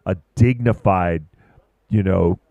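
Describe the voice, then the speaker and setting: A man commentating live at a surfing contest, chatty and excitable, rambling about boards and waves. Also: deep voice, takes it slowly, narrow, tinny audio.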